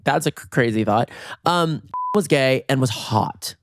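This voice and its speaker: A young man hosting a podcast, telling a comedic story in an animated, campy way and jumping into quoted voices. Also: mid-range voice, measured pace, no room sound, studio quality. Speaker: podcast host. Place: bedroom.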